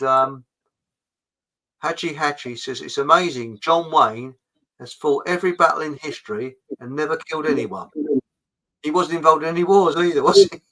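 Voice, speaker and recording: A man's voice: on the high side, a bit bright, rough recording. A middle-aged man hosting a casual live chat show, reading out viewer comments in a jokey, rambling way. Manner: jokey and rambling, with frequent fillers.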